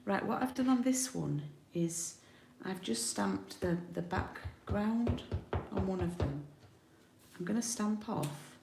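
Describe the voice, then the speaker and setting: Chatty woman with a gravelly voice. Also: mid-range voice, animated, slow, background noise. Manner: chatty, thinks aloud while working. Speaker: card-making demonstrator. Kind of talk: live craft tutorial. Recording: roomy home recording.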